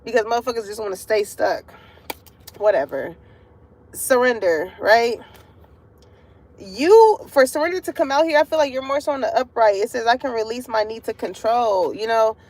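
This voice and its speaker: A woman's voice: fairly high pitch, normal speed, a little mellow. A woman giving a casual tarot reading to her viewers from a parking lot, chatty and profane, breaking into laughter often. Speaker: tarot card reader.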